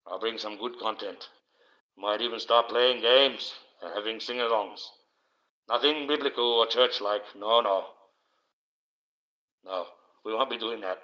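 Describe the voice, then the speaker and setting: A man hosting a livestream alone, rambling and swearing in loose casual banter into a low-placed mic. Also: measured pace, pauses often, sharp tone. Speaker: livestream host. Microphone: low-placed desk mic. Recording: dull lo-fi stream audio.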